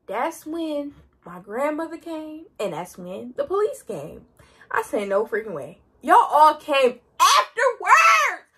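A teenage girl tells a storytime in a high, bright voice that is full of expression. Her delivery is dramatic and slangy, with big swings in pitch. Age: teens. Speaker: vlogger. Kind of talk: storytime vlog.

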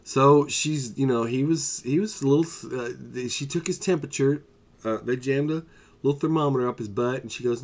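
A man telling a funny anecdote in an animated, exasperated way. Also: mid-range voice, normal speed. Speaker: storyteller. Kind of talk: casual anecdote.

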